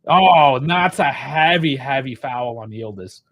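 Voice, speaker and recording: A man's voice: mid-range voice, animated, measured pace, dull audio. A man giving live fan reaction to a football match, angry and frustrated, swearing heavily as he rants about the coach's choices.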